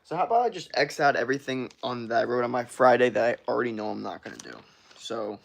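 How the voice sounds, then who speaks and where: Young male streamer, mid pitch with some fry, relaxed rambling chat to viewers, rough early-morning voice. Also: quick pace. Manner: loose, rambling, swears casually. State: morning voice, sore from workout. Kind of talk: casual livestream chat.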